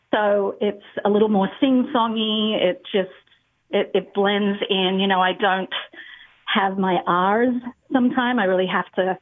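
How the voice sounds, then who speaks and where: Australian woman calling in by phone. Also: mid-range voice. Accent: Australian, slightly faded. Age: 50s. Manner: chatty, hesitant with ums. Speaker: caller. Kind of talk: phone-in call. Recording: tinny phone line.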